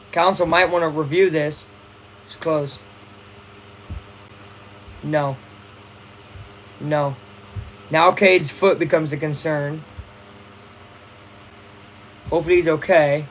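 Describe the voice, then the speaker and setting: A young man hosting a casual live baseball watch-along, chatty and excitable, full of slang. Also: on the high side, slow, long pauses, a little hiss or hum, rough recording. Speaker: livestream host.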